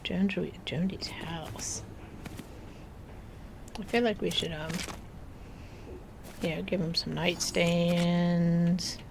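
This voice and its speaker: Against some background noise, a woman narrates her gameplay in a fairly low, steady, creaky voice. This gaming creator coos at the animals in the game and drifts slowly, unhurriedly, into soft near-whispers.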